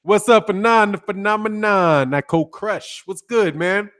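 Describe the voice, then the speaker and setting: A man's voice: high voice, measured pace. Laid-back man greeting his live-stream chat. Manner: laid-back, says "man" constantly, shouting out names. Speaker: boxing YouTube host.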